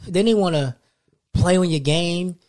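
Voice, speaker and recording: A young man chats casually as a podcast host. He tells stories with a lot of animation and jumps into other people's voices when he quotes them. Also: sits high. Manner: animated storytelling, acts out quoted lines. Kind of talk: casual chat.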